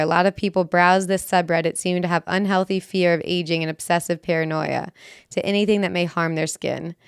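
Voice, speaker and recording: A woman with a very smooth, clear voice, recorded close and dry. She reads forum posts aloud and chats casually as a podcast co-host, laughing easily. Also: on the low side, dry recording. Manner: laughs easily, short backchannel replies.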